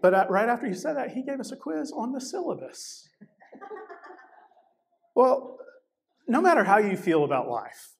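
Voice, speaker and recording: A man's voice: very high voice, big pitch swings, normal speed, vocal fry, pauses often. A man giving a sermon as a guest preacher, telling a personal story in a conversational way with many fillers and restarts. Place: church service, also streamed online.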